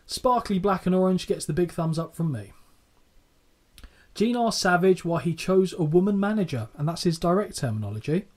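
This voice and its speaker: A man recapping wrestling on a podcast, his voice sitting a touch high for a man. He talks casually and swears freely. He laughs easily at his own crude jokes. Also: expressive, moderate pace, darkish tone. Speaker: podcast co-host.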